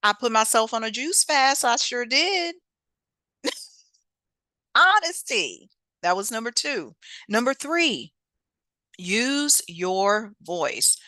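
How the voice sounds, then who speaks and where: A woman hosting a motivational self-help talk, lively and preachy, with casual speech. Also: a little high, takes it slowly, long pauses, dry recording. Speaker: host.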